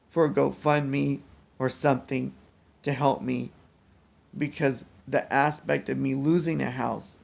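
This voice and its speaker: A mentally exhausted man talking in a casual personal vlog, weary and rambling, with halting restarts. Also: medium pitch, creaky. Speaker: vlogger.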